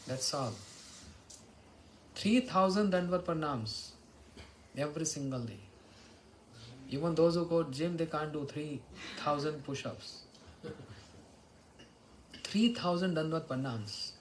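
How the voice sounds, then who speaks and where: A man's voice: fairly high pitch, takes it slowly, long pauses, a little hiss or hum, poor audio. A man giving a devotional morning lecture, telling stories and chanting verses. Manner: storytelling, chants Sanskrit and Bengali verses. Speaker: spiritual teacher.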